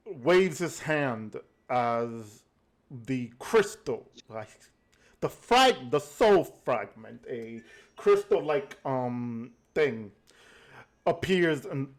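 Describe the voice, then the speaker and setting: A man serving as game master of a tabletop game narrates at a medium pitch, slow and halting with many fillers.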